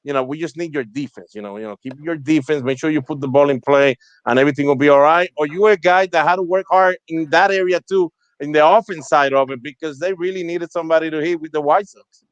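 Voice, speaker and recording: Higher-voiced male host in a dry room. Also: fast, smooth, no echo, lo-fi sound. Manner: asks long, winding questions. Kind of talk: casual interview.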